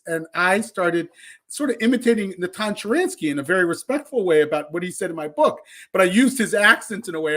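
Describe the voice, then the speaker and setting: A man's voice: on the high side, fairly bright tone. A man co-hosting a podcast, telling stories in a thoughtful, loose conversational way. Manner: thoughtful, loose storytelling with fillers. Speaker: podcast co-host.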